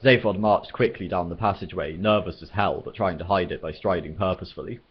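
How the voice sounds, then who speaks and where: A man reading a novel aloud as storyteller, in a steady, measured way, on a dull lo-fi recording. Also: sits low, breathy edge.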